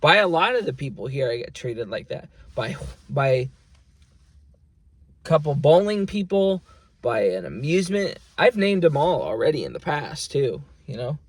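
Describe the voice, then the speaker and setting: Husky man venting with profanity. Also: on the high side, big pitch swings, moderate pace, dry recording. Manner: rambling, profane, aggrieved. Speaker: vlogger. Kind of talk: casual venting monologue.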